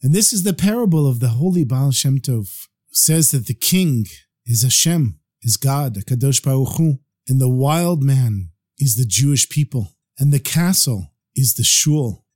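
A man telling a parable as a storyteller, in an animated, expressive way. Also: mid-range voice, measured pace, breathy edge.

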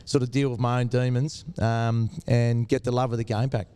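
Laid-back Aussie bloke, mellow voice. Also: male voice, medium pitch, flat delivery, normal speed, slight background noise. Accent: Australian. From Tasmania, Australia. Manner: laid-back, says mate a lot. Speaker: guest, former cricketer. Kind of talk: casual interview storytelling.

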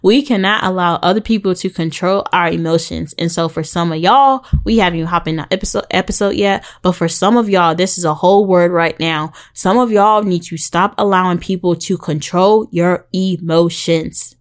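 A woman's voice: on the low side, moderate pace, hardly any pauses. A young woman hosting a casual faith-based podcast, chatty and preachy, with sarcastic asides. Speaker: podcast host.

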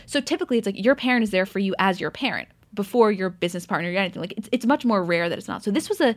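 A woman's voice: mid-range voice, lively intonation, very fast, dry recording. A woman co-hosting a podcast, chatting casually as she recaps a reality show and acts out quotes with swearing. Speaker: podcast co-host.

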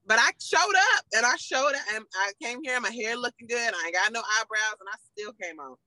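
A woman's voice: fairly high pitch, fairly quick, sharp tone, no echo, low-quality recording. A woman co-hosting a podcast, bantering in a sassy, defensive way. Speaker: podcast co-host. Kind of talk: casual chat.

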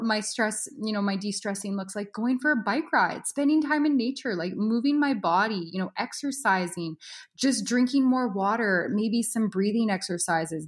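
Young woman coach talking it through, lots of "you know, right", medium pitch. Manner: reflective, uses many fillers like "you know" and "right". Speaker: yoga instructor and mindset coach. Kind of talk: casual interview conversation.

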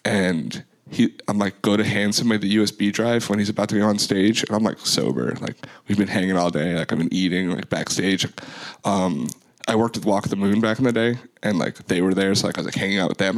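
A man's voice: lowish voice, brisk. A young man telling a long, rambling story as an interview guest, filling his talk with "like". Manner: loose, rambling, heavy use of "like". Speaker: guest, DJ and music producer.

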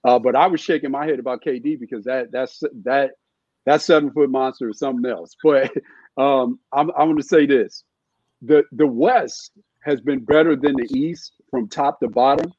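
A middle-aged man with a husky, slightly higher voice chats about basketball as a guest, stopping and restarting his sentences. The sound is dull and lo-fi, with a dry, close feel. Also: fairly even intonation, darkish tone, dry recording. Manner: halting, with many restarts and fillers. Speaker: guest, former NBA scout. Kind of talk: casual podcast chat.

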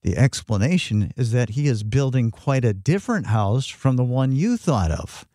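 A man co-hosting a faith podcast, talking in a thoughtful, measured way. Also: medium pitch, very animated, dark tone, no room sound, clean studio sound. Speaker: podcast co-host. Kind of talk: casual reflective chat.

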